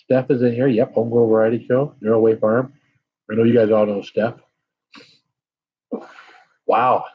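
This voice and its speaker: A man's voice: medium pitch, flat delivery, normal speed, long pauses, lo-fi sound. A middle-aged man hosting a casual live stream, chatting with viewers and blowing out breaths while his mouth burns from hot peppers. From United States. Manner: sighing and blowing out breaths from chili burn.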